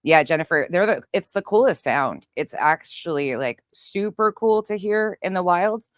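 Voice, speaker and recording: A young woman from Montana, a livestream host chatting casually with viewers and telling a story in a profane, animated way. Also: lowish voice, moderate pace, no echo, clean studio sound. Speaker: livestream host reading chat.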